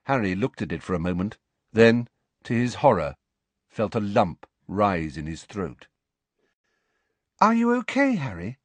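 A man narrating a storybook in an expressive, measured way. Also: deep voice, no room sound. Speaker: audiobook narrator.

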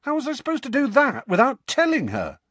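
A man's voice: extremely high pitch, huge pitch swings, a little fast, fairly bright tone, no echo, voice pushed up, full character voice. Harry, a man voicing a flustered boy. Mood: indignant. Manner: spluttering, indignant. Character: teenage schoolboy, flustered and outraged.

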